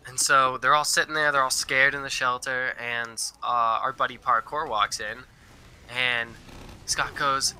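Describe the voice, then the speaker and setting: A man's voice: mid-range voice, steady tone, measured pace, pushed and bright, clear, resonant tone. A young man casually telling a rambling story, full of fillers and quoted dialogue. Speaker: storyteller guest.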